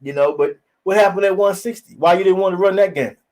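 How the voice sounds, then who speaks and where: A man hosting a casual boxing talk show, blunt and profane, telling animated stories. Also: sits high, fast talker. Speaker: podcast host.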